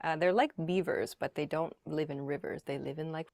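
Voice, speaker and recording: A woman's voice: low voice, steady tone, fairly quick, no echo. Playful woman on a dry close mic. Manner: playful, tries tongue twisters out loud. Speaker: podcast host played in class. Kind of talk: casual podcast chat.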